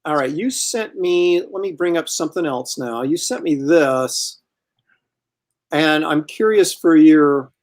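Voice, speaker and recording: A man's voice: on the high side, a little slow. A man hosting a live stream, chatting casually and teasing his guest. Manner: joking, teasing, relaxed. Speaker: host.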